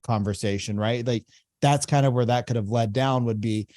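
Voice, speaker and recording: A man coaching real estate agents in a relaxed, conversational way, often repeating phrases. His tone is mellow and warm, and the recording is dry and close. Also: medium pitch, moderate pace, no echo. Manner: conversational, repeats phrases, acts out call examples. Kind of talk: reaction commentary and coaching.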